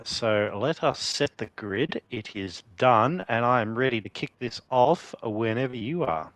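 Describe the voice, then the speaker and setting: A man's voice: mid-range voice, unhurried, few pauses, fairly bright tone, no echo. A man co-commentating a sim race in a casual, matter-of-fact way, calling out the grid and making dry jokes.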